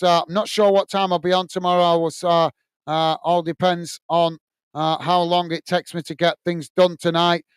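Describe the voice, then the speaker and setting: High, smooth-voiced English man chatting. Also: dry recording. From England. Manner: chatty, repeats "mate", many "uh" fillers. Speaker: host of a football watch-along stream. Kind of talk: casual live-stream sign-off, reading viewer comments.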